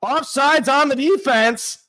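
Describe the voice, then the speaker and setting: High, bright-voiced excitable young man. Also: slow pace. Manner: excitable, shouting and anguished at big plays. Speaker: sports podcast host. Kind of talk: live play-by-play reaction.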